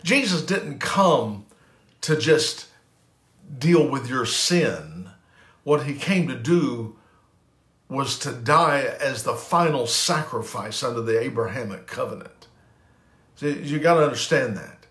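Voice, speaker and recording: A man's voice: mid-range voice, animated, takes it slowly, fairly bright tone, reverberant. A pastor giving an emphatic sermon, repeating phrases and restarting lines as he preaches.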